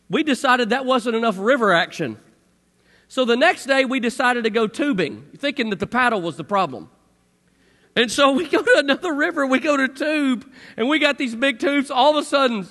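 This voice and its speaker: A middle-aged man with a strikingly high voice tells a story to an audience, lively and full of acted-out sound effects. His voice rings with the long reverb of a large hall. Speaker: speaker telling a personal story.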